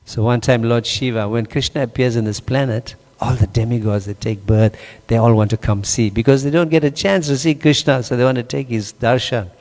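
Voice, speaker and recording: A man's voice: medium pitch, fairly quick, hardly any pauses. A man giving a scripture class, telling a story with animation and quizzing his listeners. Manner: animated, questions the audience. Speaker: class speaker. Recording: long hall reverb.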